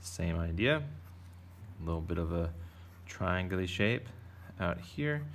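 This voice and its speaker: Gravelly deep-voiced man teaching drawing. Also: expressive, slow pace, a little hiss or hum. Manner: playful, chatty, narrates while drawing. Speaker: art teacher. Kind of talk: casual drawing tutorial for kids.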